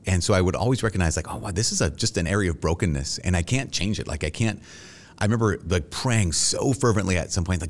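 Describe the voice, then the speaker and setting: With a low-pitched voice and a fast delivery, this middle-aged man is a Catholic priest being interviewed. He responds in an earnest, reflective way, animatedly quoting his own past thoughts.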